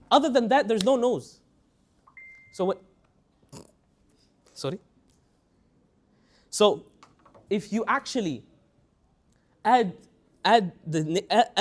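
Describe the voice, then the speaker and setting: His voice sits high as this young man leads a spirited tajweed lesson. He frequently repeats himself and pauses to chant example phrases slowly.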